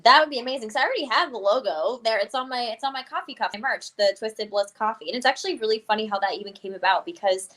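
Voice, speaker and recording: A young adult woman chatting as a guest, telling an animated story full of "I was like" and laughs. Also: on the high side, quick pace, hardly any pauses. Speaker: guest wrestler. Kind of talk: casual chat, storytelling.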